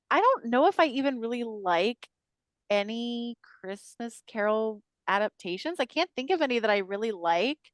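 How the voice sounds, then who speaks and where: A woman's voice: a little high, no echo. A woman co-hosting a podcast, chatting casually and hesitantly with lots of fillers. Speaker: podcast co-host. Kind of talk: casual chat.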